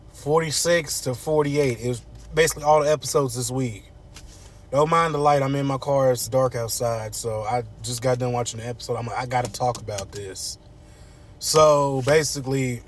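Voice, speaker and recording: A man giving an animated, slangy casual recap of a TV series while sitting in his car. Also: mid-range voice, slight background noise. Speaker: TV series reviewer. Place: inside a parked car at night.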